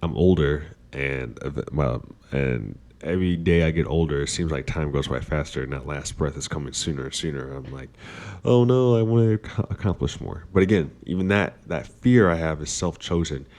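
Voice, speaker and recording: A man's voice: extremely low pitch, moderate pace, hardly any pauses, darkish tone. A man hosting a casual philosophical monologue, rambling with many fillers and restarts. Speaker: podcast host.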